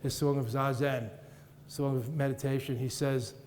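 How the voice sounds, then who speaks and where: In an echoey hall with roomy reverb, a man teaching Buddhism leads a playful, rhythmic dharma talk before an audience in a large meeting room, laughing at his own humor. His medium-pitched voice is a little mellow, with little pitch movement and normal speed.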